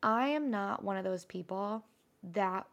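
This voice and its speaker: A young woman co-hosting a casual podcast, her voice carrying a noticeable gravelly fry. She tells stories in an animated, chatty way and swears freely. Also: medium pitch, unhurried, muffled recording. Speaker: podcast co-host. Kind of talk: casual chat.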